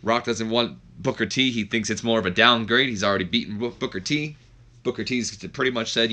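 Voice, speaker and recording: Rambling man with a bright, forceful voice. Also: mid-range voice, brisk. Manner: rambling, full of fillers. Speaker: gaming video host. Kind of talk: casual game commentary.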